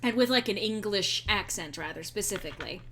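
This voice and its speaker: A young adult woman chatting casually while streaming a role-playing game, rambling and clearing her throat now and then. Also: medium pitch, fairly quick, pushed and bright, slight background noise. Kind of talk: casual gameplay commentary.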